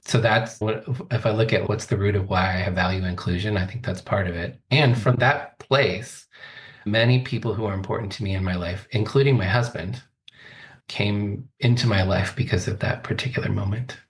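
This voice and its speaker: A man's voice: lowish voice, steady tone, moderate pace. A man in his forties, a coach, telling his life story as a podcast guest in a thoughtful, earnest way. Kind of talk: reflective interview talk.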